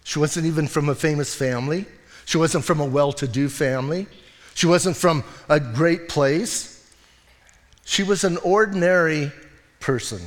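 A man preaching a sermon as pastor, talking in an animated, conversational way and often breaking in with "listen" and "right?". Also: on the high side, measured pace, long reverb tail. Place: church.

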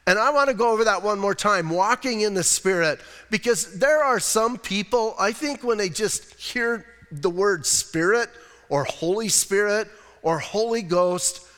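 A man's voice: high-pitched, lively intonation, unhurried, fairly bright tone. A man preaching a plainspoken, casual sermon to his congregation in a church. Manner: plainspoken, casual, self-deprecating. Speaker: pastor. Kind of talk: conversational sermon. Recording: long reverb of a church hall.

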